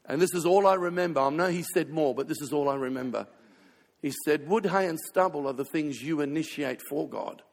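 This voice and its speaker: A man pastor preaching a sermon, telling stories with sudden swings between loud passages and hushed ones. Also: on the high side, a little fast, creaky. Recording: reverberant hall.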